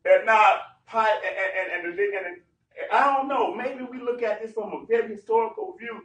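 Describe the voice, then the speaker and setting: Male Bible teacher, high and lively, slangy and emphatic; echoey room, off mic. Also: moderate pace, distant mic. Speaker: teacher leading a Bible study. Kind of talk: animated sermon-style Bible teaching. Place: gathering room. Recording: echoey room, heard from afar.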